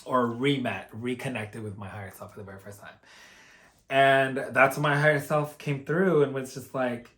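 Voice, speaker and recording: A man's voice: medium pitch, steady tone, normal speed, fairly bright tone. A man casually telling a personal story in an earnest, openly emotional way, rambling and filling his talk with "like" and "you know". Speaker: spiritual vlogger.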